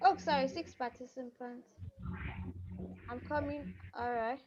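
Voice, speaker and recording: A woman's voice: high-pitched, a little slow, darkish tone. A woman teaching a language class over a video call, patiently repeating words and prompting her students. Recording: muffled video call audio.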